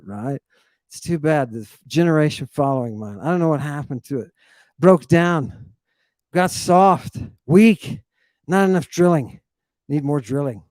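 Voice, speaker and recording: A man's voice: fairly high pitch, darkish tone, dry recording. A man who teaches classics, hosting a lecture on Greek word roots in an emphatic, sardonic way, full of rhetorical questions. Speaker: classics teacher and podcast host.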